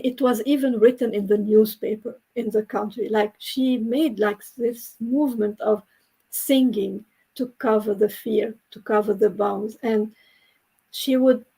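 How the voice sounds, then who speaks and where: A woman from the Middle East, not a native English speaker, slowly and earnestly telling a personal story as a co-host in a casual chat over a video call. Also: on the high side, vocal fry, mellow, slightly rough, low-quality recording.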